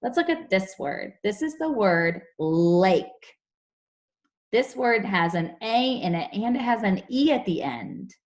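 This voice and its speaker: A young woman teaching a phonics lesson to young children over a video call, explaining slowly and clearly. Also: medium pitch, animated. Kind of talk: online class phonics lesson.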